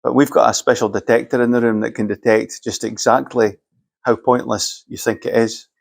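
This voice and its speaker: A man's voice: mid-range voice, level tone, moderate pace, creaky, breathy edge. Man, Scottish accent, middle-aged, keynote speaker, anecdotal, conversational, dry humour. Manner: conversational, anecdotal, lightly joking. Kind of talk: storytelling talk to a live audience.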